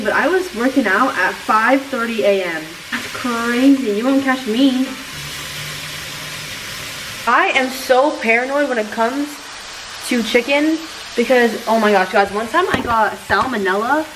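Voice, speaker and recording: A woman's voice: a little high, roomy sound, far from the mic, noisy background. A young woman vlogger telling a story in casual chat while cooking at home, dramatic and full of filler words. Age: young adult.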